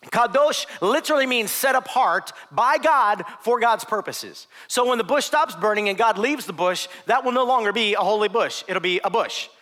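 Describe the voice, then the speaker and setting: A man's voice: sits high, expressive, normal speed, hardly any pauses, pushed and bright, in a large hall. A male pastor preaching a conversational sermon to a church congregation, playful and given to asides.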